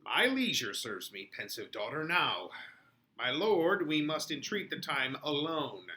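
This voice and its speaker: A man reading the part of a kindly older priest, calm and measured in a play reading. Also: a little high, full character voice. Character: Friar Lawrence, kindly older male priest.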